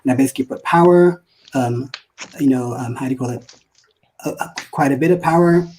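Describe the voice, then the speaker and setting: A man from London with a British accent, a guest on a video call, talking quickly and searching for words with many fillers. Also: medium pitch, darkish tone, slight background noise, poor audio. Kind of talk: casual interview talk.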